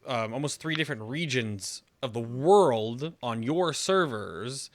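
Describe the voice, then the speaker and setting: A man's voice: mid-range voice, lively intonation, a little slow. A man hosting a casual gaming interview, asking loose chatty questions full of fillers. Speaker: podcast host.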